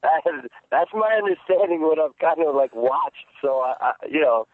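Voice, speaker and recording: A man who works as an actor, answering interview questions in a casual, halting way, with many restarts, fillers and frequent laughs. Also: on the high side, expressive, noisy background. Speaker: actor guest. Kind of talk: phone interview, casual storytelling. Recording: tinny phone line.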